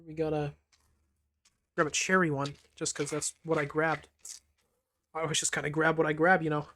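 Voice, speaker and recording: A gaming streamer playing through a game and reading its lines aloud, with wry, deadpan asides. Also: medium pitch, moderate pace, slight background noise. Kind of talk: let's-play commentary and reading dialogue aloud. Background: faint game music.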